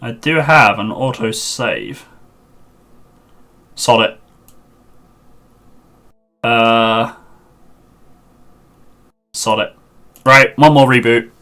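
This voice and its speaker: A man's voice: mid-range voice, extremely slow, long pauses, sharp tone. A man streaming a game live, chatting and muttering to himself on a headset mic while he sorts out a server.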